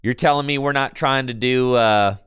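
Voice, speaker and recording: A man streaming a card game on his computer, chatting casually and excitably with his viewers in slang, with bursts of laughter. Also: mid-range voice, moderate pace, clear, resonant tone, no echo, studio quality. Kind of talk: casual live-stream chat while playing a card game.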